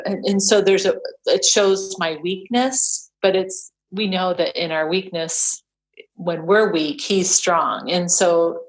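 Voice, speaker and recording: A middle-aged woman speaks in a somewhat low voice. She talks casually as a podcast guest, restarting her sentences and laughing easily. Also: moderate pace. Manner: chatty, many restarts and fillers, laughs often. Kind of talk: casual chat.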